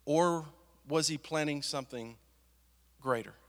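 A man's voice: a little high, unhurried. A young man preaching a sermon as a pastor, conversational and full of rhetorical questions. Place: church hall. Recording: long reverb of a hall.

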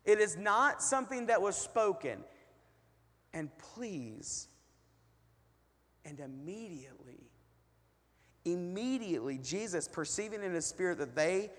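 A man's voice: high voice, expressive, measured pace, long pauses, fairly bright tone. A man preaching a sermon as pastor, in a conversational way, asking the congregation lots of rhetorical questions. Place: church hall. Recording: long hall reverb.

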